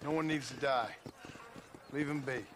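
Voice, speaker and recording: An actor playing a stoic gunslinger who talks in a dry, curt, deadpan way. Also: male voice, medium pitch, normal speed, heavy background noise, natural voice. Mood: calm. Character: stoic gruff gunslinger, adult man. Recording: game audio with hoofbeats and ambience.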